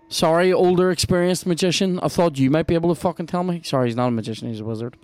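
Sweary excitable Northern Irish man. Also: a little high, rapid-fire, few pauses, clean tone, no echo. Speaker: podcast host playing a video game. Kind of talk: casual gameplay commentary.

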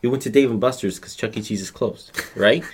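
A man's voice: medium pitch, fairly quick, breathy edge. A man on a casual podcast with friends, telling stories and teasing the others dryly. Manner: teasing, dry storytelling. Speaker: podcast co-host. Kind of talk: casual chat among friends.

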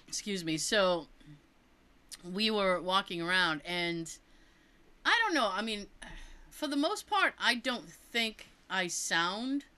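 A woman with a Massachusetts accent in casual chat, telling animated stories and laughing often. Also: mid-range voice, slow pace, pauses often.

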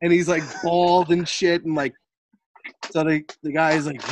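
Guy rambling thru a movie plot, lotta likes and uhs, slightly high voice, faint hiss. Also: moderate pace. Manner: rambling retelling with many fillers. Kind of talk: casual chat.

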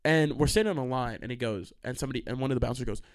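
A young man hosting a podcast, telling stories in a casual, rambling way, swearing freely and breaking into quick asides and restarts. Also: mid-range voice. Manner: animated, profane, trails into quick asides and restarts. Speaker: podcast host.

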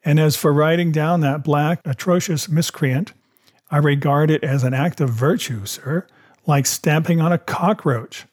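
Man voicing a hot-headed squire, husky, blustering, exclamatory, storybook reading. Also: fairly high pitch, measured pace. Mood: hearty. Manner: exclamatory, boastful. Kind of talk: audiobook character voice.

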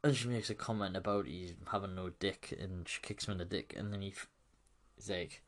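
A man's voice: low-pitched, fairly even intonation, brisk. A man giving a loose, chatty film recap, laughing and swearing as he goes. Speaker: film reviewer.

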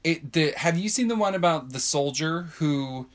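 A man's voice: a little high, moderate pace. A man talking casually on a podcast, his voice rising and dipping constantly as he rambles through his thoughts. He leans on filler words and laughs easily. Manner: rambling, heavy use of "like", lively and laughing. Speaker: podcast co-host. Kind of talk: casual chat.

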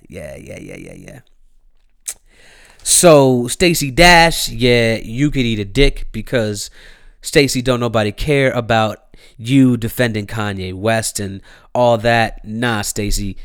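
Lively, incredulous man riffing on news. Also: a little high, smooth, no room sound, studio quality. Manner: animated, incredulous, laughs often, slangy. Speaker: vlogger. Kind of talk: comedic weekly news rant.

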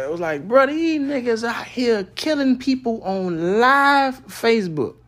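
A young adult man hosting a podcast, ranting casually and swinging from loud trash talk to low mutters. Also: very animated, a little slow. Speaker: podcast host.

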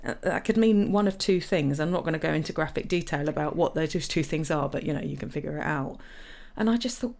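A woman's voice: low voice, fairly quick, gravelly, hardly any pauses, a little mellow. A woman co-hosting a casual chat, telling stories with lots of fillers and restarts. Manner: chatty storyteller, frequent fillers and restarts.

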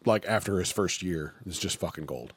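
A man talking casually and excitedly on a podcast, swearing often as he gets worked up. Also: deep voice, normal speed, breathy edge, dry recording. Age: adult, remembers childhood. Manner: animated, profane, gets excited.

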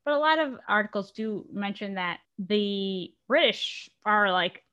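A woman's voice: mid-range voice, expressive, unhurried, bright, forceful tone, smooth, muffled recording. A woman co-hosting a podcast in casual chat, chatty and often trailing off to restart her sentences. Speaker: podcast co-host.

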